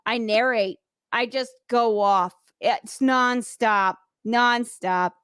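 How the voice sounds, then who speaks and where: A woman's voice: fairly high pitch, takes it slowly, a bit bright, clear, resonant tone, no room sound, studio quality. A woman from the United States, a radio host, chatting in an interview in a bubbly, playful way and laughing easily. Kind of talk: casual interview chat.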